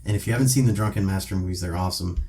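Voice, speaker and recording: Low-voiced man co-hosting a podcast. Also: rapid-fire, vocal fry. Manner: animated retelling, many fillers. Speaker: podcast co-host. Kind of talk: casual chat.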